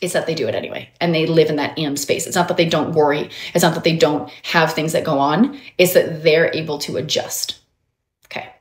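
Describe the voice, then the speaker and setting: A woman hosting a motivational livestream as a mindset coach, animated and emphatic, talking straight to her viewers. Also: deep voice, fairly quick. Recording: roomy echo.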